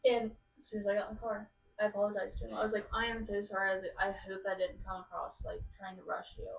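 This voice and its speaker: A woman's voice: mid-range voice, quick pace, vocal fry. Young woman guest rambling on, tons of "like"s, echoey room, kinda far from the mic. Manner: rambling, full of "like" fillers, animated storytelling. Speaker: podcast guest. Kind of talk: casual chat. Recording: roomy sound from off mic.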